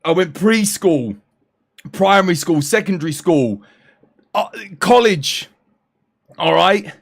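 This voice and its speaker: Animated British young man, slightly high voice. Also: slow, gravelly. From United Kingdom. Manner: animated, laughing, exasperated banter. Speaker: streamer. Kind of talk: casual live-stream chat.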